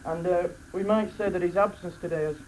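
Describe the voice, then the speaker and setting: Over poor audio and loud crowd noise at a live wedding reception, a man with a high, steady-toned voice gives a fairly quick best man speech. He jokes, laughs between lines, and restarts his sentences.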